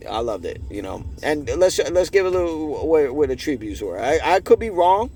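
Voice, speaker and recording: A man hosting a podcast, reviewing wrestling results in an excited, swearing, chatty way. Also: a little high, normal speed, soft background music. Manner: excited, profane, talks to listeners directly. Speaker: podcast host.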